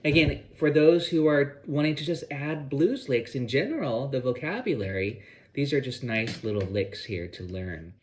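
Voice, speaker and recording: A man's voice: mid-range voice, expressive, moderate pace. A man giving a guitar lesson, explaining phrasing and scat-singing the rhythms he means. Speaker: guitar teacher. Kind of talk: instructional explanation. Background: loud guitar playing.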